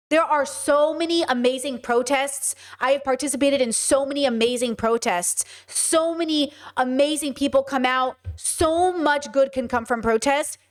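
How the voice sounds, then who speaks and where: Woman, young adult, high voice, blunt, exasperated, profane streamer commentary. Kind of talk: reaction commentary to protest footage.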